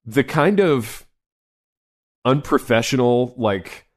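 A man's voice: mid-range voice, expressive, slow. A man co-hosting a sports podcast in casual chat, loose and rambling with lots of filler words.

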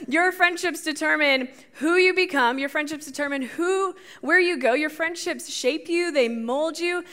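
A woman delivers a relaxed, conversational sermon in a high voice. She is animated and speaks directly to her listeners. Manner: animated, talks straight to the audience, laughs at her own slips. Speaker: youth speaker.

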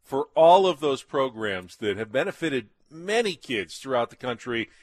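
Male co-host, easy conversational tone, mid pitch. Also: big pitch swings, normal speed. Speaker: podcast co-host. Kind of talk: casual chat.

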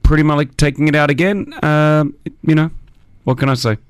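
A young adult man hosting a morning radio show from the studio, excitable and playful in his banter. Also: on the high side, a little fast, clean tone, dry recording. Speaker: radio host.

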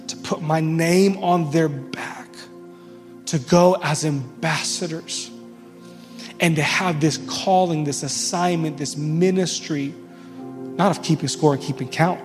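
Earnest male pastor, thirties, mid-high voice; live church hall reverb, faint music bed. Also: a little mellow. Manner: earnest, emphatic, with frequent restarts. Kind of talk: sermon.

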